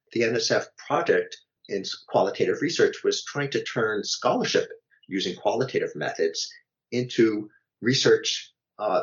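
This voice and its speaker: Deep guy author explaining stuff slowly w/ ums, kinda muffled audio. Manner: measured, explanatory, with fillers and restarts. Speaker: author and guest. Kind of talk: academic interview answers.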